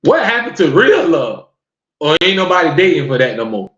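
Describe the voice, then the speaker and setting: Male podcast host, high lively voice, incredulous ranting delivery, roomy muffled lo-fi recording. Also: normal speed. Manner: incredulous, fires off rhetorical questions. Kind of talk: live-stream rant to viewers. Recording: roomy, dull lo-fi sound.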